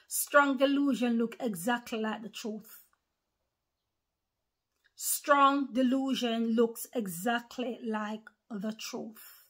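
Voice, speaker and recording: A woman with a slightly high voice, preaching in an earnest, informal way to followers online. She repeats key phrases and calls her listeners brothers and sisters. Her delivery drops to near whispers, then rises to forceful lines.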